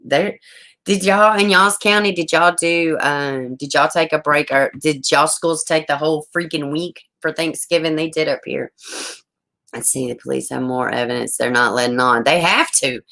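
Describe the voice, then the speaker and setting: A woman, chatting on a true crime livestream from home, rambling, excitable and swearing often. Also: sits low, moderate pace, vocal fry, low-quality recording. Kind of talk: casual livestream chat.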